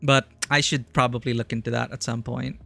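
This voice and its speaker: A man's voice: medium pitch, flat delivery, a little fast, vocal fry, a bit bright, soft background music. A man streaming a video game, chatting casually and enthusiastically, rambling with lots of "like". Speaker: streamer, filmmaker. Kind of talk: casual live game commentary.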